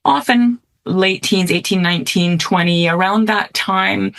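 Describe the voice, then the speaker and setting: A woman's voice: medium pitch, a little slow, vocal fry, a bit bright. A middle-aged woman, a podcast guest, tells a personal story earnestly and reflectively, often checking in with "right?". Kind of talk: storytelling in conversation.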